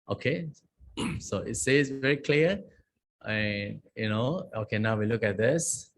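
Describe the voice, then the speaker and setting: A man, a Buddhist monk, teaching a lesson on a scripture language, reciting verses slowly and often checking in with "okay?" and "huh?". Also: medium pitch, lively intonation, a little hiss or hum.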